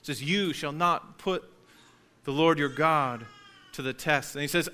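Bright-voiced man preaching a sermon. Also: fairly high pitch, unhurried. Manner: conversational, jokes with the congregation. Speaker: pastor.

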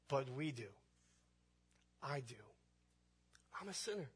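A man's voice: medium pitch, lively intonation, slow, long pauses, breathy edge. A man preaching a sermon, building emphasis through repeated phrases. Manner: preaching with rising emphasis and repetition. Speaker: pastor.

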